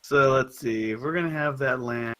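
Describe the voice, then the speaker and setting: A man running a tabletop game as game master, explaining the rules calmly. His voice sits in a middle pitch, and he laughs easily between rulings. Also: moderate pace, low-quality recording.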